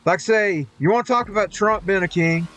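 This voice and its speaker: A man's voice: high voice, normal speed, fairly bright tone. A man ranting indignantly while streaming a game, rambling and restarting his sentences. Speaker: live streamer.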